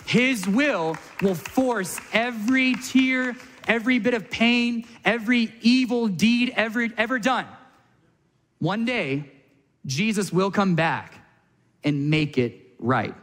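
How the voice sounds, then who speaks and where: A man preaching a sermon as a pastor, animated and conversational, slipping into playful voices when he quotes people. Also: sits high, slow, long reverb tail.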